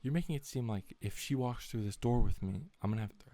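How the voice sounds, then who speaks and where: A man's voice: mid-range voice, fast, dark tone. A young man in a casual, rambling vlog, retelling a story in an exasperated tone with lots of swearing. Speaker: vlogger.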